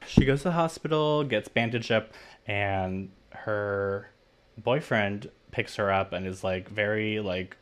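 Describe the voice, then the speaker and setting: Young man, podcast co-host, low voice, casual movie recap, lots of "like". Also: measured pace, clean tone. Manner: retells plot animatedly, heavy use of "like".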